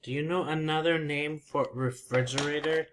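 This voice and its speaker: A man teaching a simple English lesson, patiently repeating words and laughing softly. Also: a little high, steady tone, moderate pace, background noise. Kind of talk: slow, simple language lesson.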